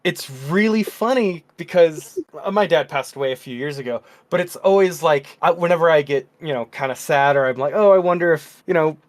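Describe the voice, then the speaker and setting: A man's voice: on the high side, fairly quick, hardly any pauses. Rambling, laughing man co-hosting a podcast. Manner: rambling storyteller who restarts often and laughs. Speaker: podcast co-host. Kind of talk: casual chat.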